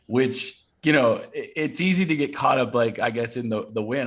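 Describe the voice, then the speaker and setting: A Portland, Oregon guest in his thirties recounts something personal in a casual interview, using a mid-range voice at a moderate pace with hardly any pauses. He's earnest and animated, with lots of fillers and false starts.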